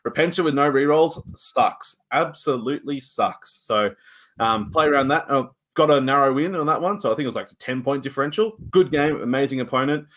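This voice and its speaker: A man co-hosts a casual podcast and rambles through his games with a mid-pitched voice. He keeps shrugging things off as he talks, in loose, chatty phrasing. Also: brisk, a bit bright. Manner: rambling game recap with frequent shrugging asides. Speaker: podcast co-host.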